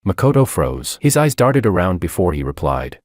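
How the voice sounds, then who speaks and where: A man's voice: sits low, big pitch swings, normal speed, a little mellow, dry recording, clean studio sound. A man narrating a first-person story in a cold, mocking, unmoved manner.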